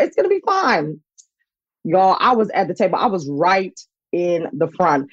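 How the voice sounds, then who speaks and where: An excitable woman in her thirties, telling a lively anecdote with lots of laughter and high-pitched quoted voices. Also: moderate pace, slightly rough, dry recording, dull audio. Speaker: guest. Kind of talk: animated storytelling anecdote.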